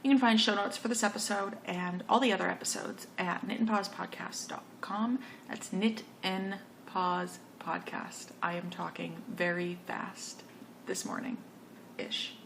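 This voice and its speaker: Lady chatting about her knitting, kinda rambly, some vocal fry, bit of hiss. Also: medium pitch, moderate pace. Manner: chatty, rambling, self-correcting. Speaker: knitting podcast host. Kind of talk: casual show-and-tell chat.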